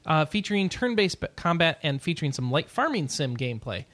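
A man hosting a casual podcast, chatty and quick to laugh while he runs through news items. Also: fairly high pitch, sing-song, a bit bright, dry recording. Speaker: podcast host.

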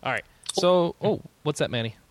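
A man's voice: on the high side, animated, moderate pace, no echo. Easygoing man hosting a podcast. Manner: easygoing, laughs often. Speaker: podcast host. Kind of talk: casual chat.

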